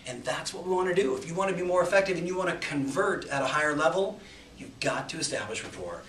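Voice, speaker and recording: An energetic man with a slightly high voice delivers a punchy sales coaching talk, swinging from loud bursts to quiet asides. He is recorded in an echoey room from a little way off the mic, with a faint hiss underneath. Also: fast, far from the mic. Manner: energetic and emphatic, with big swings in loudness.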